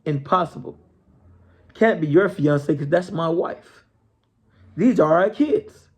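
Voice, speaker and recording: A man voicing a betrayed husband and father who curses and shouts accusations. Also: fairly high pitch, slow pace, slightly rough, exaggerated voice. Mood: dismissive.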